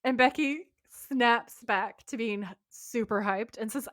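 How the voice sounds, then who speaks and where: A woman's voice: a little high, slow pace, a bit bright, dry recording, studio quality. A woman co-hosting a podcast, reading a TV episode recap aloud, acting out the lines and laughing as she goes. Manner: reads scene notes aloud, mimicking lines, laughing often. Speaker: podcast co-host.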